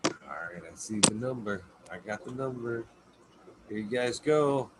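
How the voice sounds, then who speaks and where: A man's voice: medium pitch, measured pace, background noise. A man hosting a casual podcast chat, telling loose, profane stories and laughing, running a stream with a chat. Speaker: podcast host.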